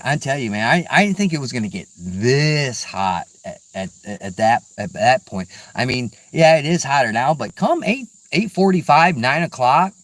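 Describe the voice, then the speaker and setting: A middle-aged hunting vlogger chats casually outdoors in the woods, rambling and laid-back, sprinkling in "dude" and "man." His voice is medium-pitched, with no room sound.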